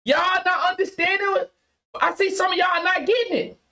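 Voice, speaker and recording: A woman's voice: extremely high pitch, moderate pace, vocal fry, pushed and bright. A woman hosting a podcast livestream, talking emphatically and repeating her points to her viewers. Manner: emphatic, preachy, repeats phrases. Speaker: podcast host. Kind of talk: casual livestream commentary.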